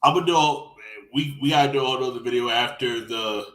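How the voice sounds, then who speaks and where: Bright-voiced guy on a podcast, cussing and telling stories, echoey room. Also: medium pitch, quick pace. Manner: profane, animated storytelling with put-on quotes. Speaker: podcast co-host. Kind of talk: casual esports chat.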